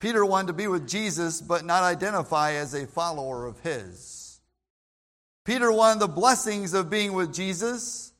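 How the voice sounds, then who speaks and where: A man preaching a sermon with a high-pitched voice. He speaks emphatically and repeats himself, often restarting phrases as he drives each point home. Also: fairly bright tone. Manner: emphatic, repetitive, with frequent restarts.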